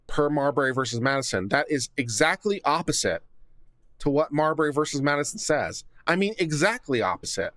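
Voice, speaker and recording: A man's voice: fairly high pitch, big pitch swings, brisk, a bit bright, dry recording. Sarcastic man reading court filings. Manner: sarcastic, reads documents aloud then mocks them. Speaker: legal commentator. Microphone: studio condenser mic.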